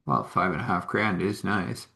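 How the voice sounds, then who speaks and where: A man's voice: low voice, moderate pace, gravelly, sharp tone. A man telling a faith-based everyday story in a rambling, homespun way with many fillers. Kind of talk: informal spoken storytelling. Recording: echoey room.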